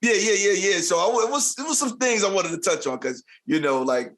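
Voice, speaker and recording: A man's voice: high voice, sing-song, a little fast, a bit bright. A man hosting an interview podcast, laid-back and agreeable, with lots of affirming yeahs. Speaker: podcast host. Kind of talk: casual interview chat.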